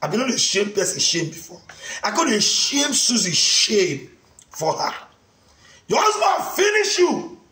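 A man with a Nigerian accent, an online preacher, ranting in a mocking, taunting way and often bursting into shouts. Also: high-pitched, sing-song, normal speed. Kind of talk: mocking rant to camera. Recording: echoey room.

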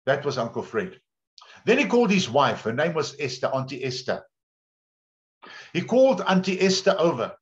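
A man's voice: a little high, very animated, normal speed, pauses often. Man preaching a sermon. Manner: conversational storytelling preacher, repeats words. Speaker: pastor. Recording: dull lo-fi sound.

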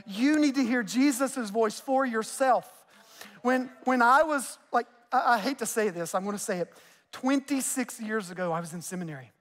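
A man in his forties with a Southern US accent, preaching a conversational sermon with quick joking asides. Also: extremely high pitch, a bit bright. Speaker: pastor. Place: church sanctuary. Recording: long reverb of a church hall.

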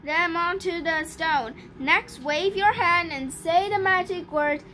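A woman reading a storybook aloud, voicing a stern female wizard teacher who gives commands slowly and deliberately. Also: very high-pitched, bright, forceful tone, slight background noise, exaggerated voice. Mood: commanding.

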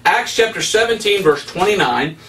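Male evangelist, fairly high voice, emphatic preacherly delivery, mic a little far off. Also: expressive, moderate pace, fairly bright tone. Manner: emphatic, preacherly, with rising stresses. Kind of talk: preaching Bible study.

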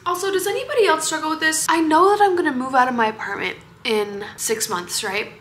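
A woman's voice: high voice, a little fast, a bit bright, slight background noise, low-quality recording. A teenage woman vlogging in a chatty, rambling, candid way, often venting and filling her talk with "like". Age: late teens. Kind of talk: casual vlog chat.

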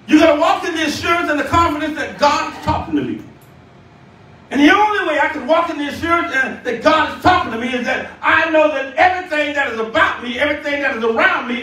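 A man preaching a sermon as bishop, shouting and calling out to the congregation, recorded from a distance in a church. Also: very high-pitched, a little hiss or hum. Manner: shouting, call-and-response preaching. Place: church sanctuary. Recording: echoey church room, distant mic.

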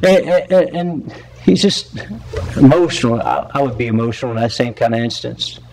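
A man's voice: medium pitch, normal speed, a little mellow, slight background noise, rough recording. A man preaching a sermon as pastor in a church, telling stories earnestly and often repeating or restarting his words. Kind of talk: sermon with storytelling. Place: church sanctuary.

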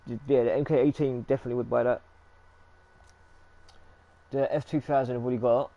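A man's voice: medium pitch, steady tone, a little fast, muffled recording. A British man chatting casually while gaming, swearing freely and rambling as he repeats himself. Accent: British English. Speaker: gaming streamer.

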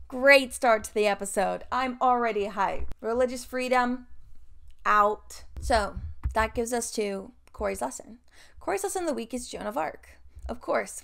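A young woman recaps an old show in a sarcastic commentary, dropping deadpan asides. Her voice sits a little high and carries a lot of vocal fry. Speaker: video essay host.

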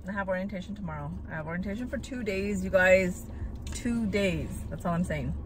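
A woman's voice: mid-range voice, brisk, background noise. A woman in casual chat with her husband, patiently correcting him. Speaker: co-host, vlogger's wife.

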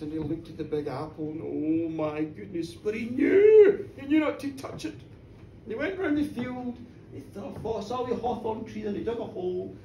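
Live male folk storyteller, expressive and theatrical, mic some distance away in a reverberant pub. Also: high-pitched, slight background noise. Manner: dramatic and animated, with sound effects and screams. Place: pub stage with an audience. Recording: roomy live bar from far off.

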